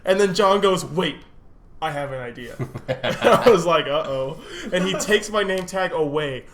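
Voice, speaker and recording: A man's voice: a little high, a little slow. Laughing young man telling a story. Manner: laughs through his stories, lively swearing. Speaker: podcast co-host. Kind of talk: casual storytelling chat.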